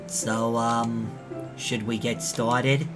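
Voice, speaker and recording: A man's voice: mid-range voice, flat delivery, very slow. A man voicing the easygoing teenage boy protagonist of a visual novel, reading his lines casually over game music. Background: background game music.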